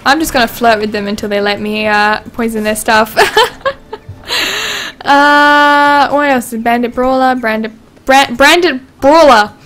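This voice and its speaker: Giggly high-voiced woman streaming a game. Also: slow, a bit bright, soft background music. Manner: chatty, giggly, reads game dialogue aloud. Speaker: livestream host. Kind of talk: casual gameplay livestream.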